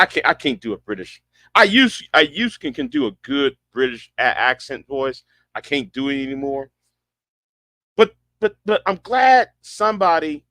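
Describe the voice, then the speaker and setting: A man's voice: mid-range voice, sing-song, moderate pace, bright, forceful tone, dry recording. A man delivering a sarcastic, incredulous rant as an online commentator, often repeating himself. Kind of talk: ranting commentary.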